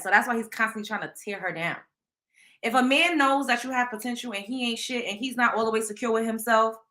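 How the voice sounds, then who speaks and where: Blunt bright-voiced woman with Southern accent. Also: on the high side. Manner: blunt, emphatic, slangy, addresses viewers directly. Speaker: host. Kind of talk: casual live-stream commentary.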